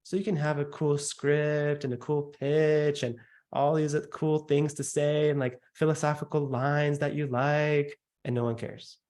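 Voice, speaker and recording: A man teaching a sales workshop, stressing points by slowing down and dropping his voice, and mimicking the noises listeners make. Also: fairly high pitch, little pitch movement, a little mellow. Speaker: sales coach.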